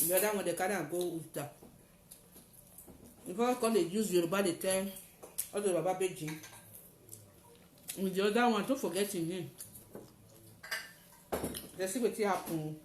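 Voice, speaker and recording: A woman with a Nigerian Pidgin accent tells a personal story dramatically, acting out the shouts of the people in it. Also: mid-range voice. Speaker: testifier. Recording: roomy echo, faint noise.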